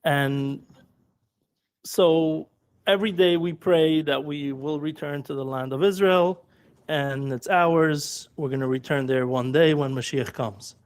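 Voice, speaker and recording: Male guest, Yiddish accent, slow and deliberate explainer. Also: a little high, smooth. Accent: Yiddish-accented English. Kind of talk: measured explanation. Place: live audio chat room.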